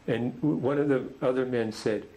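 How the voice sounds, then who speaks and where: A middle-aged man leading a men's group tells a story gently, with halting restarts. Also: mid-range voice, poor audio. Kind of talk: storytelling talk.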